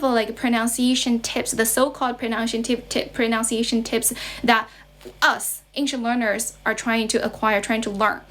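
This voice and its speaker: A woman's voice: a little high, fairly bright tone. A young woman with a Chinese accent teaching English on a livestream, explaining with lots of repetition and switching between English and Mandarin. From China.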